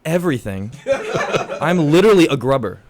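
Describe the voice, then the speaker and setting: A man's voice: a little high, very animated, a little fast, noisy background. Eager teen boy rambling. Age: teens. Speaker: student actor. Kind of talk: radio interview.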